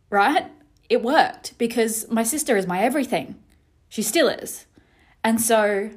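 A young adult woman telling her own story candidly, frank and reflective, swearing now and then, with halting restarts. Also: on the high side.

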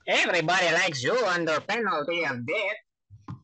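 A man doing an impression of a cartoon gourd henchman, sweet-talking in a flattering, sing-song way. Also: sits high, moderate pace, no echo, heavily acted. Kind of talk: character impression.

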